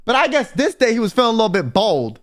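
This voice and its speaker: A young man telling a personal storytime in casual, profane slang, animated and blunt. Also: very high-pitched, fast talker. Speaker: vtuber and livestreamer. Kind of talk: storytime rant.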